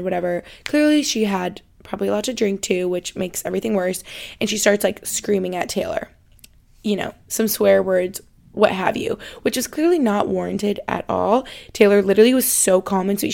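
A woman's voice: mid-range voice, vocal fry. A young woman hosting a podcast, telling a story in a chatty, rambling way and often correcting herself mid-sentence. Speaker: podcast host. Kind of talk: casual storytelling monologue.

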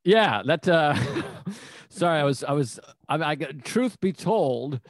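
A man's voice: on the high side, lively intonation, slow, no echo, clean studio sound. A man hosting a podcast, swearing freely and acting out quotes as he tells rambling stories in casual chat. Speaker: podcast host.

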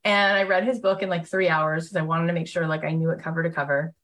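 A woman's voice: low-pitched, fairly even intonation, quick pace, a bit bright. A woman hosting a live motivational workshop, telling stories in a gushing, enthusiastic way with lots of casual fillers. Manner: chatty, heavy use of fillers like "like". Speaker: motivational host and coach.

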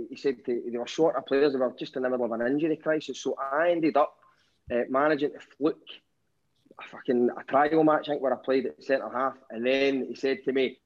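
A Scottish man with a Glaswegian accent telling a story as a caller, with wry self-mockery and a fair bit of swearing. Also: medium pitch. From Scotland. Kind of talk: casual storytelling. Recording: dull lo-fi call line.

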